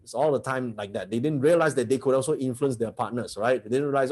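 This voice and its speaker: A man's voice: medium pitch, fast, darkish tone. A man teaching a motivational seminar, blunt and brash, who keeps firing rhetorical questions at his audience.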